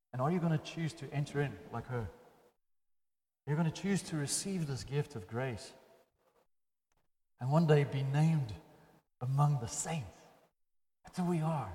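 A man preaching a sermon to his congregation, swinging between loud, emphatic passages and quiet, intimate ones. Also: on the high side. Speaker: pastor. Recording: long hall reverb.

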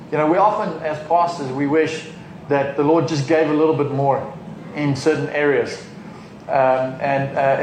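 A man preaching a sermon in a relaxed, conversational way, stopping often for ums and restarts. His voice sits a little higher than most men's. The sound bounces around a roomy space, with a faint hum of ambience behind him. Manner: informal, rambling with many fillers. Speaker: pastor.

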